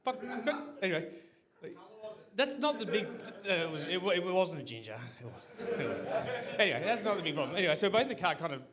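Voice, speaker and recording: A man's voice: high voice, sing-song, fast talker, a crowd in the background. A man telling a rambling, sweary comic story to a live audience, saying "anyway" over and over and laughing as he goes. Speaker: guest telling a story on stage. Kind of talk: crowd-facing comic yarn.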